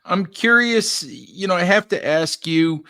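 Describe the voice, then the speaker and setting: A man's voice: high voice, expressive, unhurried, sharp tone. A man hosting an interview, asking questions in a conversational, wry way. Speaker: host, writer. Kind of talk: podcast interview.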